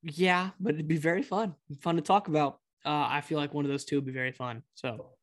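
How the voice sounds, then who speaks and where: A man's voice: on the high side, fairly even intonation, fairly quick. Earnest young man co-hosting a podcast. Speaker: podcast co-host. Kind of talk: casual chat.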